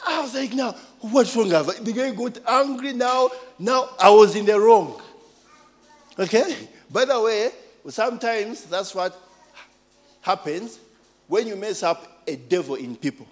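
A Ugandan preacher in his forties tells stories from the pulpit in a high, swooping voice. He speaks slowly, tossing questions to his listeners between lines. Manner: animated storytelling, call-and-response asides. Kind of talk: sermon with personal stories.

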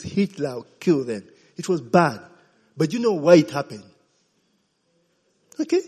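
A man preaches in an emphatic, deliberate way and keeps checking in with his listeners. His voice is husky and slow-paced. The sound carries a long, echoing church-hall reverb. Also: a little high, very animated, darkish tone. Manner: emphatic, asks the congregation "okay?" often. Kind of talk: sermon.

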